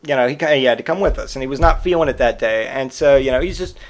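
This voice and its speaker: A man's voice: medium pitch, racing. A father telling crude, jokey anecdotes in a rambling, casual storytelling monologue.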